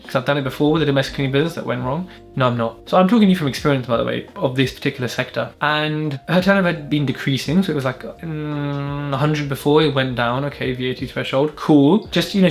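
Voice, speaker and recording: A man from the UK, a business mentor, telling a deal story to camera in a blunt, sweary, animated way. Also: fairly high pitch. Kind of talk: casual monologue to camera.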